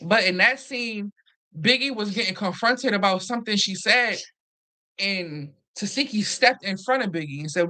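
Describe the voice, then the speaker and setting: A woman hosting a casual, animated recap chat, swearing freely and acting out what others said. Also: mid-range voice, normal speed. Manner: animated, profane, acts out quotes. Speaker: host.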